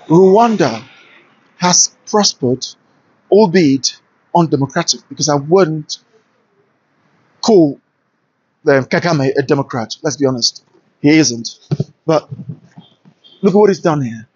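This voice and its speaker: A man's voice: fairly high pitch, expressive, slow pace, long pauses, a little mellow, husky. A man with a British-influenced Nigerian accent, giving an enthusiastic, opinionated walking vlog to camera outdoors on city streets, recorded handheld on a smartphone. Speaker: travel vlogger. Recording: lo-fi smartphone audio.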